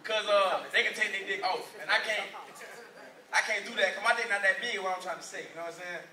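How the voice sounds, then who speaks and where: A man from Orlando doing a loud, profane live stand-up set. He laughs through his punchlines and sounds a little tipsy. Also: sits high, quick pace. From Orlando, Florida. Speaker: stand-up comedian. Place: small live comedy venue. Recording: roomy live sound, mic at a distance.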